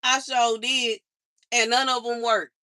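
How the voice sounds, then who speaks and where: A woman's voice: a little high, flat delivery, measured pace, sharp tone. A young woman venting her frustrations on a livestream in casual, slangy speech, complaining over and over.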